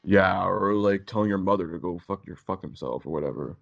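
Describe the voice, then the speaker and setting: A man co-hosting a casual podcast chat, profane and animated, quick to laugh. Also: low voice, gravelly, dull audio. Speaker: podcast co-host.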